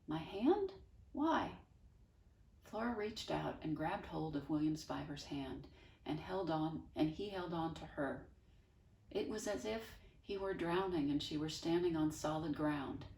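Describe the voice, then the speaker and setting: A woman's voice: low-pitched, a little slow, gravelly. Teacher lady reading a kids book, dry little asides, roomy echo, sounds far from the mic. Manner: expressive and dry, with wry asides. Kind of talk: storybook read-aloud. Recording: echoey room, voice from far off.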